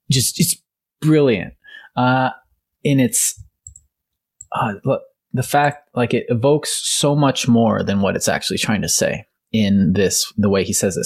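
A man's voice: mid-range voice, measured pace, creaky, a little mellow, husky. A man co-hosting a casual discussion podcast, rambling enthusiastically and often correcting himself. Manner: rambling, self-correcting, enthusiastic about literature. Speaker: podcast co-host.

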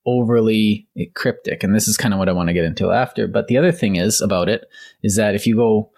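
A man's voice: on the low side, fast talker, vocal fry, darkish tone. A man co-hosting a casual discussion podcast, rambling enthusiastically and often correcting himself. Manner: rambling, self-correcting, enthusiastic about literature. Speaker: podcast co-host.

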